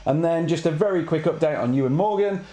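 A man's voice: fairly high pitch, fast, mellow. A man hosting a live prize draw in casual chat, rambling with lots of fillers and restarts. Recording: echoey room with faint noise.

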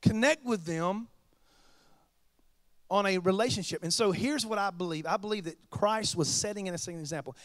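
A pastor preaching a sermon, chatty and joking with the congregation. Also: male voice, sits high, a bit bright, dry recording.

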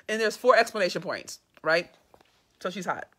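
A woman's voice: lowish voice, animated, moderate pace, a bit bright, breathy edge. A woman reading her own story aloud and breaking off to gush and swear about her characters. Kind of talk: live reading with commentary.

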